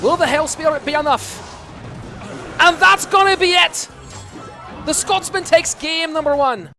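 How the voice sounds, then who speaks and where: A man's voice: very high voice, unhurried, voice pushed up, full character voice. A man putting on a rousing Scottish caster. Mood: excited. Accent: put-on Scottish. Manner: excitable, big exclamations. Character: hyped Scottish esports caster, adult man. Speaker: esports commentator. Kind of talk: live game commentary. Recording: music behind the voice.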